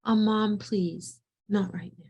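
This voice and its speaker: A woman voicing an exasperated, dismissive teenage daughter who brushes her mother off, with a gravelly, husky edge. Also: mid-range voice, fairly even intonation, takes it slowly, a little mellow, heavily acted. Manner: whiny, brushing off.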